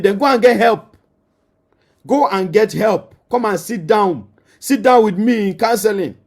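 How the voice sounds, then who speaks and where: A man's voice: fairly high pitch, darkish tone. A man with a Nigerian accent, a marriage counselor giving an emphatic teaching that addresses the listener directly and repeats key phrases.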